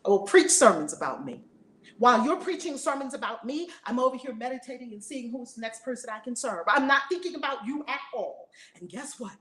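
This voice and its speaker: A woman with a high voice preaches a spiritual lesson, blunt and emphatic, hammering her points home by repeating them. She swears freely and drives each line hard. The room around her rings with a roomy echo. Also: fairly quick, hardly any pauses, bright, forceful tone. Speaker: spiritual teacher and reverend. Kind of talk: fiery preaching-style teaching.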